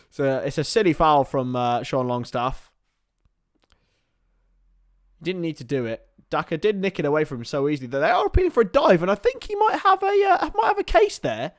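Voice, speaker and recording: A young man calling a live match for his stream, voice sitting a touch high and rising sharply when play gets close to goal. The sound is close and dry, with no room around it, and he slips into mumbled asides full of ums between the action. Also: a little fast, dry recording. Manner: excitable play-by-play, drops to mumbled asides with fillers. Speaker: watchalong host and commentator. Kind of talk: live match commentary with chat.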